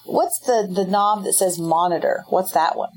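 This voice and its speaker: A woman's voice: lowish voice, moderate pace, faint music behind. Giggly woman in casual chat. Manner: giggly, playful teasing. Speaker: podcast co-host.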